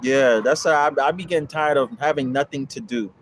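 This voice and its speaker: This young man speaks a little fast at a medium pitch, with slight hiss or hum on the recording. On a casual livestream for his land investing course, he responds to viewers with blunt, profane and repetitive preaching.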